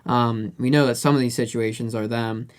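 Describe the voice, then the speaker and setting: A man's voice: medium pitch, steady tone, moderate pace. A man hosting a casual music podcast, joking around and reading out listener comments. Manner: jokey, reads out listener comments. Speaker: podcast host.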